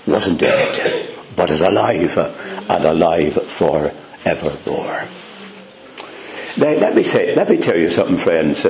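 A Northern Irish man preaches with earnest, emphatic conviction. He takes his time, drawing each phrase out slowly. The room around him rings with echo. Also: lowish voice, a little mellow, a little hiss or hum. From Northern Ireland. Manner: earnest, emphatic preaching, addressing "dear friends". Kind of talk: sermon.

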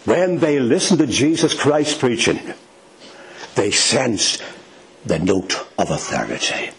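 A man's voice: mid-range voice, sing-song, takes it slowly, a little hiss or hum, poor audio. A man preaching a sermon, emphatic and asking the congregation rhetorical questions.

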